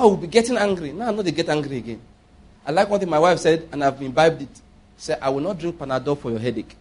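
A man's voice: on the high side, a little mellow, husky. A man preaching a sermon, emphatic and often asking his listeners rhetorical questions.

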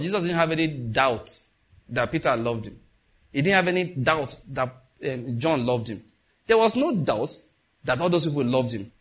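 A man preaching a sermon with lively call-outs to his congregation. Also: mid-range voice, breathy edge. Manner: animated preaching with call-outs and acted quotes.

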